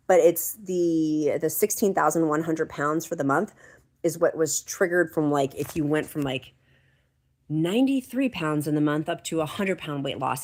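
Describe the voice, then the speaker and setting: A woman hosting a live stream, chatting and reading viewer comments aloud in an encouraging way. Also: low voice. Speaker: livestream host. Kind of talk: casual livestream chat.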